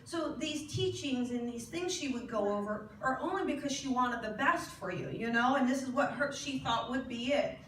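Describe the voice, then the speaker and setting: A woman's voice: high-pitched, moderate pace, few pauses, a little hiss or hum. A woman working as a spiritual medium, giving a chatty live reading to an audience, often laughing and asking questions. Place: hall at a spiritual service. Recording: echoey hall, from far off.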